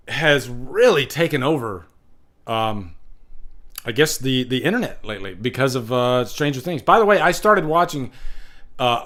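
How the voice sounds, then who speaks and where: A man's voice: a little high, fairly bright tone. A man hosting a casual livestream, rambling in a laid-back way and swearing casually. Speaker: livestream host.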